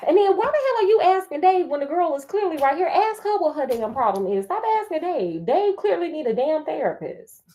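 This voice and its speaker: Her voice sitting high, a woman reads from a book at a brisk pace with few pauses. She keeps interrupting herself with sassy, animated jokes and laughing asides as a storyteller.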